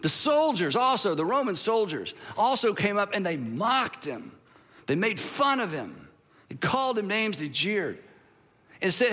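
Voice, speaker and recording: Guy preaching a sermon, high bright voice, jokey and dramatic. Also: measured pace, long reverb tail. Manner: animated, playful dramatic storytelling. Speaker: pastor. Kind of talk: humorous sermon.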